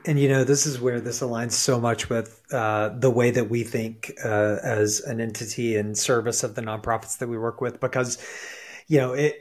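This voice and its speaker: A man hosting a podcast, reacting with enthusiasm and then explaining his organization's view. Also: mid-range voice. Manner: enthusiastic, affirming. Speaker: podcast host. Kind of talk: casual podcast chat.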